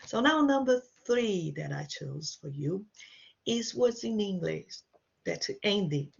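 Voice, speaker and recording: Woman teaching slowly, gravelly husky voice. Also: medium pitch, lively intonation. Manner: encouraging, slow and repetitive. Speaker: Portuguese teacher. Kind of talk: online language lesson. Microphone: video call. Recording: slightly dull video-call audio.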